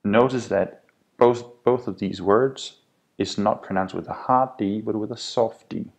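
A man with a Danish accent, a native Danish speaker, teaching a pronunciation lesson and repeating each sound slowly. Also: fairly low pitch, vocal fry, a little mellow. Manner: spells out sounds slowly, repeats example words. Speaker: language teacher.

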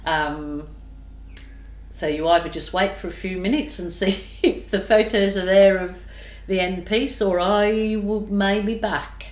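Gushing slow-talking woman painter. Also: mid-range voice, fairly even intonation. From Australia. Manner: gushing, exclamatory, drawn-out delight. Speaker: fluid art painter. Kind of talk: casual narration while painting. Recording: echoey room.

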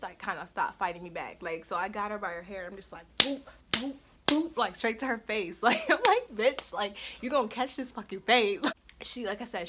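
A woman's voice: medium pitch, bright, forceful tone. A young woman telling a story on her vlog in a blunt, profane way, with frequent laughs. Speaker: storytime vlogger. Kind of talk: casual storytelling.

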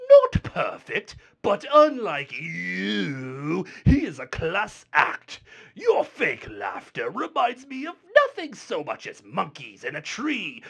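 A man voicing a pompous, self-important male internet commenter, speaking in a slow, theatrical, haughty way that breaks into shouting. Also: sits high, gravelly, husky, heavily acted.

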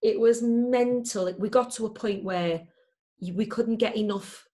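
A woman's voice: on the high side, a little slow, warm tone. A woman, a guest in an interview, telling her story candidly and emphatically with lots of fillers.

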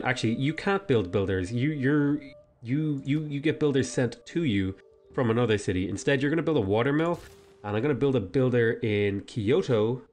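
A man's voice: mid-range voice, expressive, normal speed, darkish tone, soft background music. A man hosting a strategy game let's play, thinking aloud in casual commentary and talking back to the game's units.

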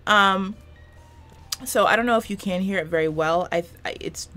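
A woman's voice: mid-range voice, normal speed, sharp tone, soft background music. A woman in her twenties doing casual let's-play commentary from a small room, rambling and self-deprecating, swearing often. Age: 20s. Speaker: gaming YouTuber. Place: small room with a fan running.

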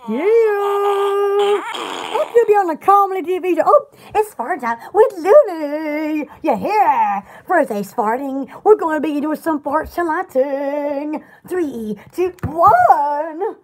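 This high, lively woman hosts a casual live sales chat for an online bath-products shop. She giggles and chats, rambling as she reads product lists aloud.

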